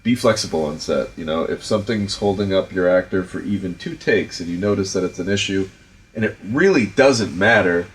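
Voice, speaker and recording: A middle-aged man with a Providence, Rhode Island accent, hosting a casual chat and telling stories about directing in an animated, profane way with lots of fillers. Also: sits low, brisk, slight background noise. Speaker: podcast host and film director.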